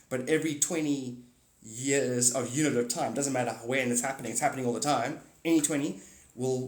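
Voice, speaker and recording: A man hosting a casual livestream, rambling excitably, swearing freely and cutting himself off mid-thought. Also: medium pitch, echoey room. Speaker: livestream host.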